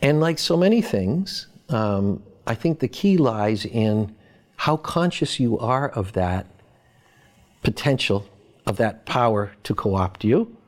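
A man from Boston, an academic guest, giving reflective interview answers in a measured, thoughtful way with pauses. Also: mid-range voice, big pitch swings, a little mellow.

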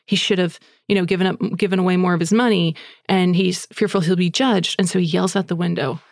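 A woman with a low, gravelly voice recounts a tale in a casual, chatty flow, full of little fillers. The sound is close and dry, with no room around it. She comes across as an eager podcast host telling a story to her listeners. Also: fairly even intonation, fairly quick, no room sound. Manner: chatty, breathless, with fillers like "like" and "you know".

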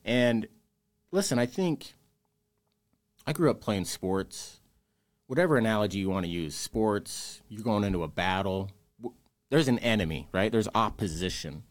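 Low-voiced guy on a podcast, earnest and raw, talking about loss. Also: animated, normal speed, pauses often. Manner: earnest, emotional, speaks openly about grief. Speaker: podcast guest. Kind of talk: candid interview conversation.

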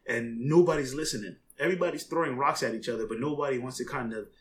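Young man, mid-pitched, casual rambling monologue, animated when quoting, faint background noise. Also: fast talker. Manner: rambling, conversational, frequent "you know what I mean". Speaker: commentator.

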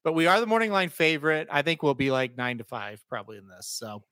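A man's voice: fairly high pitch, big pitch swings, fast talker, pushed and bright, no room sound, studio quality. A man co-hosting a casual podcast, chatting and laughing about his bets. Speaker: podcast co-host. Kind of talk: casual chat.

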